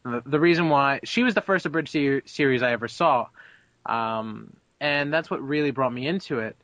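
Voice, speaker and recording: A man's voice: mid-range voice, normal speed, a bit bright, dry recording, dull audio. A young man being interviewed about his voice acting, chatty and brash, laughing and swearing freely. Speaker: abridged-series voice actor, interview guest. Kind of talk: casual interview.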